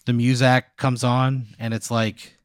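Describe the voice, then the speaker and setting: A man narrating an improvised story as game master, with vivid, deadpan description. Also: mid-range voice, a little slow, no room sound, clean studio sound.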